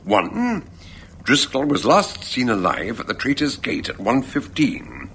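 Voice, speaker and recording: An actor playing an eccentric, genial doctor-detective in a radio drama, theatrical and musing. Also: male voice, mid-range voice, huge pitch swings, unhurried, creaky, a bit bright, slight background noise, heavily acted. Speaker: amateur detective.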